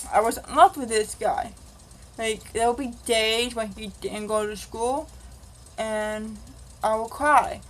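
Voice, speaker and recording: A woman's voice: fairly high pitch, poor audio. A woman vlogger telling a rambling, casual confessional story and acting out the dialogue. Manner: rambling, acts out quoted dialogue.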